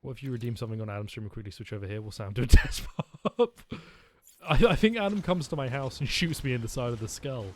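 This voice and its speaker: A man's voice: medium pitch, quick pace, a little mellow, slight background noise. A man streaming a video game, rambling and joking with his chat as he plays. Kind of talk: let's-play commentary.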